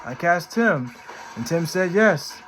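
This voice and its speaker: A man's voice: a little high, lively intonation, slow pace, a bit bright, rough recording. A man doing an offbeat, drawling impression of a famous male movie actor while reading the actor's quotes. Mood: quirky, wry. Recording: clear background music.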